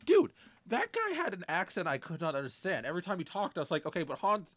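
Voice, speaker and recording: A man's voice: high voice, huge pitch swings, quick pace, fairly bright tone. A man co-hosting a podcast, bantering and joking with casual swearing. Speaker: podcast co-host. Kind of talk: casual chat.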